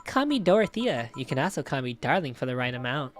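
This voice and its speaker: A man's voice: mid-range voice, sing-song, quick pace, soft background music, voice pushed down, natural voice. A man doing a sultry teasing game woman. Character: flirty sultry adult woman, teasing and blunt.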